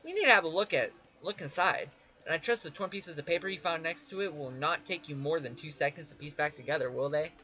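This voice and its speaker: Brief: gamer voicing an eager, chatty male cop sidekick, bright animated read over soft game music. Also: mid-range voice, quick pace, natural voice. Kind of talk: reading game dialogue aloud.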